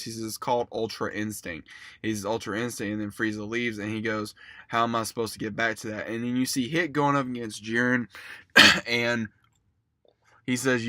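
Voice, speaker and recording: A man's voice: mid-range voice, sharp tone, no echo, clean studio sound. A man casually reviewing an anime episode, retelling scenes in a rambling, profane way.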